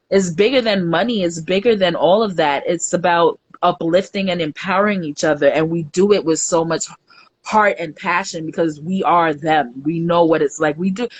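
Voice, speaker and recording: A woman speaks in a slightly low, full voice as a guest in a casual interview. She talks with warmth and feeling, chatty and earnest, with plenty of fillers. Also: dry recording. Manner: heartfelt, emotional, chatty with fillers. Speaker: guest, entrepreneur and market organizer.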